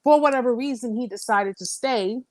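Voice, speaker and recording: A woman's voice: fairly high pitch, normal speed, dry recording. Candid woman hosting a live chat. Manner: candid, emphatic, repeats phrases for emphasis; reads viewer comments aloud. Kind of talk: casual live-stream chat.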